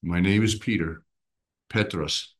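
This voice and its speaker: A man with a fairly low voice leads a Bible study, talking to a small group in a relaxed, conversational way. He keeps turning questions back to his listeners. He slips into quick impressions and expressions to make his points. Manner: animated, acts out voices and expressions while explaining; asks the listeners questions and draws them in.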